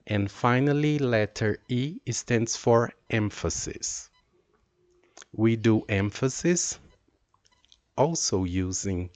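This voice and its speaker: Slow, low-voiced man teaching grammar. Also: a little mellow, no room sound. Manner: slow, deliberate explaining with drawn-out example sentences. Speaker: English teacher. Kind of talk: grammar lesson.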